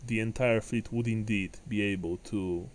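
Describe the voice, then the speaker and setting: A man's voice: lowish voice, fairly even intonation, moderate pace, slight background noise, natural voice. Man voicing a grave city official. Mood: grave, formal.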